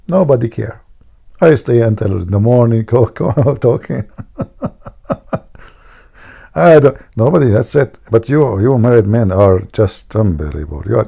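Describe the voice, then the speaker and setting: Gravelly-voiced joking livestream host. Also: male voice, medium pitch, warm tone. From Middle East. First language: Arabic. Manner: joking, mocking storyteller. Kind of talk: casual livestream talk.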